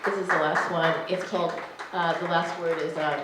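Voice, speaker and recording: A woman poet reads her poems slowly and carefully in a lounge, with relaxed, chatty asides in between. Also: fairly low pitch, a little hiss or hum. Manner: slow, measured reading with chatty asides. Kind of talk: poetry reading. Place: lounge with live audience. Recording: echoey room.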